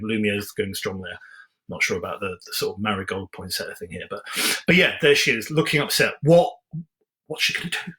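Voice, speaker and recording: A man's voice: medium pitch, pushed and bright. A man reading a fairy tale aloud, breaking off for playful, chatty asides about the pictures. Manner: playful, chatty, mock-earnest commentary. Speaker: storyteller. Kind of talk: storybook reading with comic asides.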